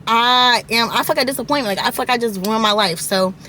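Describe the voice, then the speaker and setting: An eighteen-year-old woman vlogger tells her viewers a long storytime in a slightly high, bright, pushed voice, talking fast. She's chatty and rambling, full of "like" and "y'all," and her camera mic catches faint background noise.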